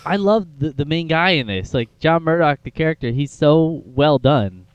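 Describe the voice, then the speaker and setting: Young guy rambling about a movie, smooth clear voice, dry muffled sound. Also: fairly high pitch, animated, moderate pace, dry recording. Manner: chatty, rambling, lots of fillers. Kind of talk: casual film review chat.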